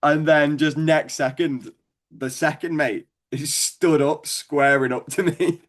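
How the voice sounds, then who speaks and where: A man's voice: a little high, steady tone, slow pace. A young man with a Scouse accent, a stand-up comedian guest telling rambling, sweary stories and laughing along. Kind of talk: casual storytelling chat.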